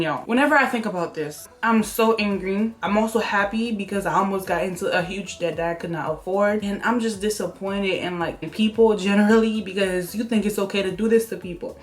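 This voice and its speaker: A young woman chats straight to the camera in a casual storytime vlog, animated and quick, voicing the people in her story. Her voice sits at a middle pitch. Soft music plays faintly under her. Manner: animated, talks straight to viewers, acts out quotes. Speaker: YouTuber telling a story. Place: room at home by an open window.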